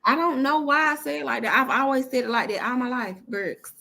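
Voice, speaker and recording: Bright high-pitched Southern woman, teasing. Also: brisk, creaky. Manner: loud, teasing, swears freely. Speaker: live stream co-host. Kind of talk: casual chat on a live stream. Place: home room on a live stream.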